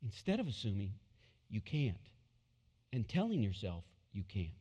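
Animated preaching man in a hall. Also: fairly low pitch, unhurried, husky, highs cut off. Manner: preaching with animated storytelling and repeated phrases. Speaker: pastor. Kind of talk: sermon.

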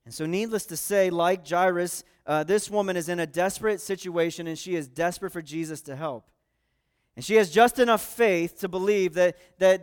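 High-voiced man preaching earnestly. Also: smooth. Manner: earnest and conversational, explaining scripture. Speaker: pastor. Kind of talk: expository sermon.

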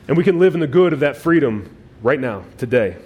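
A male pastor preaching a sermon, emphatic, with swings between loud and quiet phrases and frequent restarts. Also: mid-range voice, expressive, fairly quick, husky. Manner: repeats words as he restarts phrases.

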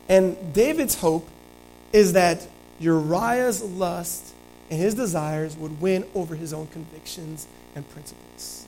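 A man preaching a sermon, retelling scripture in animated storytelling that swings between loud and soft. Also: high voice, takes it slowly, slight background noise, poor audio.

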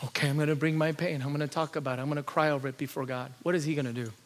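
Racing along in a steady tone, a man preaches as pastor, dropping into hushed, low asides before rising into loud, urgent appeals and rhetorical lists he repeats.

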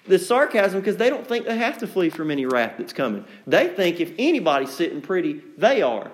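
High-voiced man preaching folksy sermon. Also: very animated, fairly quick, hardly any pauses. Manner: conversational and folksy, acting out quotes with sarcasm. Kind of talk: evening sermon to a congregation. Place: church room with a congregation.

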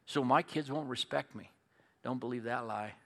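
A middle-aged man preaching a sermon as pastor, folksy and storytelling, moving between loud emphatic points and quiet earnest asides. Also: mid-range voice, normal speed, creaky.

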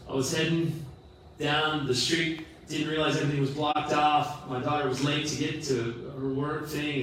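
Middle-aged preacher echoing from far off. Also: male voice, on the high side, slight background noise. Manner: earnest, animated preaching with self-deprecating humor. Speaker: pastor. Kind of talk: sermon. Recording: roomy echo from far off the mic.

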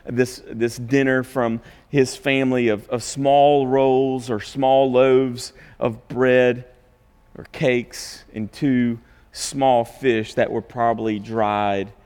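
A man delivers a sermon in a raised, fairly high voice. He preaches conversationally, throwing out rhetorical questions and asking his listeners "okay?" His voice rings with the long reverb of a big room. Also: fairly bright tone. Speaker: pastor.

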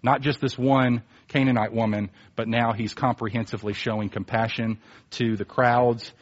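A male preacher giving a conversational sermon, emphatic, swinging between quiet asides and animated bursts. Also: mid-range voice, moderate pace, muffled recording.

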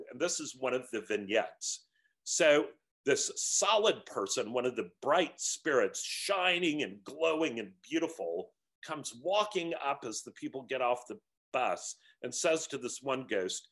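A man's voice: mid-range voice, a bit bright. A man reading passages from a book and explaining them in an earnest, reflective way, with some fillers. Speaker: teacher of a book discussion series.

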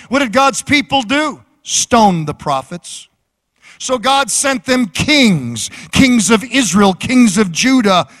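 High-voiced fervent preaching man. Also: fairly bright tone. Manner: fervent, rhythmic preaching with repeated phrases. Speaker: pastor. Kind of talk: sermon.

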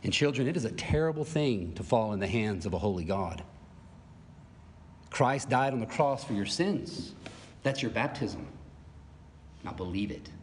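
A man preaching a sermon as pastor, animated, with asides and little laughs. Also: on the low side, normal speed, long pauses, slight background noise. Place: church sanctuary. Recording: reverberant church hall.

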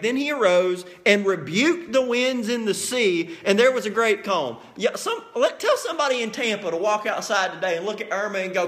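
A preacher with an unusually high, bright voice delivers a sermon. His pitch swoops up and down as he acts out the stories, and he keeps it folksy and animated. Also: normal speed, few pauses. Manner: animated storytelling, acts out scenes.

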